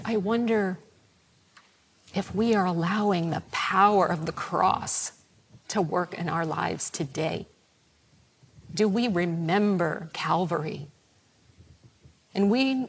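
A woman preaching a sermon in a slow, reflective, prayerful way, her voice sinking toward a whisper. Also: mid-range voice, slight background noise.

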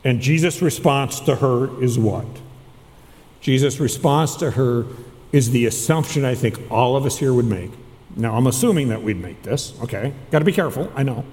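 A man's voice: medium pitch, a little mellow. A man who is a chaplain preaching a sermon, asking the congregation question after question and answering them himself. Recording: long hall reverb.

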